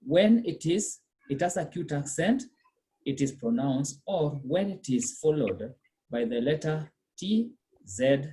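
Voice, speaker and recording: A language teacher drilling pronunciation in class, with a voice that swings up and down a lot. The pitch sits in a middle register, and the teacher keeps firing questions and confirming with short check-ins. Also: animated, unhurried, mellow. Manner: quizzing, checks in with "okay?" and "eh?"; repeats and drills words patiently.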